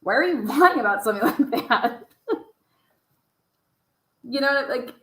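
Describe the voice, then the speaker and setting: A woman's voice: high-pitched, expressive, a little slow, a bit bright, echoey room, poor audio. A woman giving casual true crime commentary over case footage. She swears freely and fires off pointed rhetorical questions. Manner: profane, rhetorical, asks many pointed questions.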